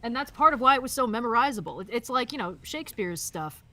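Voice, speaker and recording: A woman's voice: a little high, expressive, quick pace, pushed and bright. Opinionated woman in casual gaming chat. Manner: opinionated, laughing, swears casually. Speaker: co-host. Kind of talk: casual chat while playing a game.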